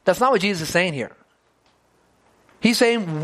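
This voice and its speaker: A man with a notably high voice delivers a sermon as a pastor. He speaks earnestly, often doubling words and restarting phrases as he drives his points home. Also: animated, measured pace, pauses often, fairly bright tone.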